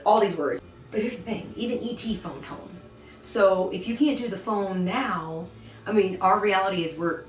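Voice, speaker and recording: A woman's voice: medium pitch, background noise. A woman hosting a baking show, telling her dating stories in a chatty, sassy way, with punning asides as she works in her kitchen. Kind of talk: casual storytelling while baking. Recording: roomy, distant mic with faint ambience.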